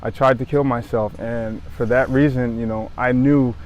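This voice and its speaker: A man in his thirties from Southern California who speaks earnestly and haltingly, often repeating phrases as he tells a personal story to the camera. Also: medium pitch, steady tone, dull audio. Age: 30s. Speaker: former pro football player sharing his story.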